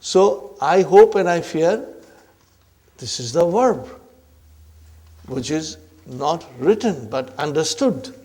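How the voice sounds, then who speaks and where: A man lectures on Arabic grammar at an unhurried pace, his voice pitched somewhat high. He repeats each point and keeps asking whether the class is following. He addresses the listeners as brothers and sisters. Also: lively intonation, warm tone, husky. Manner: repeats points, checks in often with "huh?" and "are you with me".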